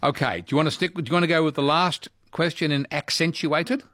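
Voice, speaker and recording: A man's voice: on the high side, steady tone, fast, sharp tone, no echo, clean studio sound. A man hosting a radio quiz, chatting casually and laughing easily with callers.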